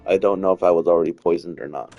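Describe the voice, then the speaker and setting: Low-voiced rambling gamer man. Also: steady tone, very fast, dry recording, muffled recording, soft background music. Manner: rambling, repeats himself, swears freely. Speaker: gaming streamer. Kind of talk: casual let's-play commentary.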